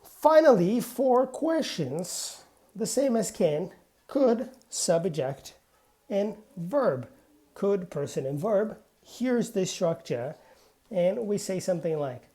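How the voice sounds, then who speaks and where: A woman's voice: medium pitch, expressive, takes it slowly, mellow. A woman English teacher giving a spoken grammar lesson, modelling example sentences aloud and often saying "yeah".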